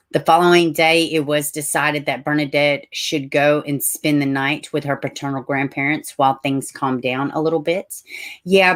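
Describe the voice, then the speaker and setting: Deep-voiced middle-aged Southern woman from Tennessee, hosts a casual stream, chatty, corrects herself often. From Tennessee, USA. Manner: chatty, frequent asides and self-corrections. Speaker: livestream host. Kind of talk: casual livestream talk, reading news aloud.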